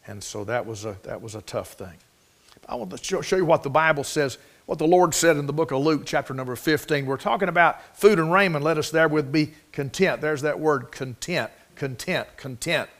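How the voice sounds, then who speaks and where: A man's voice: on the high side, a little fast, fairly bright tone. A middle-aged man preaching a sermon in a folksy, storytelling way, with plain rural speech.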